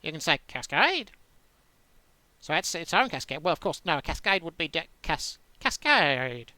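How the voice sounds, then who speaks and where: A man's voice: fairly high pitch, quick pace, pushed and bright, no echo. A man giving casual commentary while playing solitaire, rambling and self-interrupting as he muses aloud with dry, playful wordplay. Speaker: host playing solitaire on screen.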